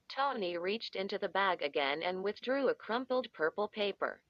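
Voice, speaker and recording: A woman narrating a horror audiobook in a measured, even reading voice. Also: medium pitch, no echo, muffled recording.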